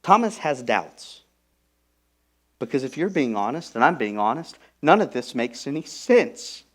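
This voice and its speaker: A man preaching a sermon as pastor, emphatic, moving from hushed, intimate lines to loud, stressed ones. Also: mid-range voice, big pitch swings, measured pace. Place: church.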